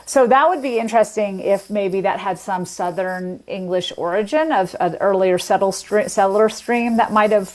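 A woman's voice: medium pitch, moderate pace, hardly any pauses. A woman guest speaking in an explanatory, lecture-like way, carefully spelling out words and examples. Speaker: linguist guest. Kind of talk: explanatory conversation.

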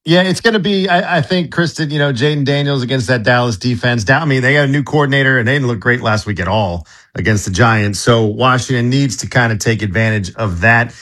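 A man on live radio giving a sports preview in a casual, halting way. He fills his answers with uhs and starts sentences over. His voice sits at an ordinary middle pitch. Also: fairly bright tone. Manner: casual, halting, with many fillers and restarts. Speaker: sports director.

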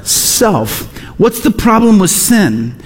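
A man's voice: sits high, sing-song, slow, husky, big-room sound. A man preaching a sermon as pastor, talking conversationally with rhetorical questions and repeated phrases. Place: church sanctuary.

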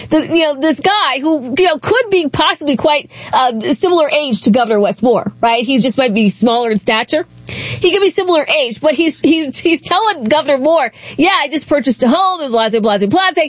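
A woman hosts a talk show in a nasal, high-pitched voice. She talks casually and sarcastically and laughs often. The sound is dry and close, with no room echo. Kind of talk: casual political commentary.

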